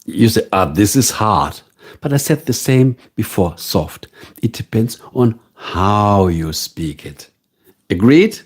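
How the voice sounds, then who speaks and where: A man's voice: lowish voice, expressive, slow pace, a little mellow, breathy edge. A man with a German accent, a native German speaker, chatting casually with viewers as a livestream host and answering their questions.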